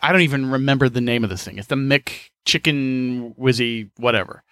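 A man's voice: medium pitch, normal speed, fairly bright tone, no echo, studio quality. A man hosting a podcast, telling rambling personal stories with a profane, exasperated, laughing manner. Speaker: podcast host.

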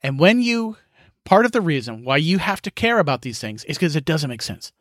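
A man's voice: fairly high pitch, sing-song, fairly quick, dry recording, studio quality. Exasperated, blunt male podcast host. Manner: frank, exasperated, swears freely, sighs and laughs. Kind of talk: casual solo monologue.

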